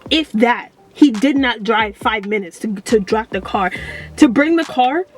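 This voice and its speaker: A young woman vlogger telling a story in a rambling, animated way with many fillers. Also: fairly high pitch, measured pace, soft background music. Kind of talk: storytime vlog.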